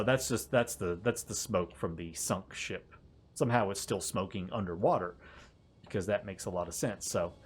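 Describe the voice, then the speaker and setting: A man giving casual gameplay commentary, animated and often laughing, exasperated at the game's behavior. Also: mid-range voice, a little hiss or hum. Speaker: gaming YouTuber.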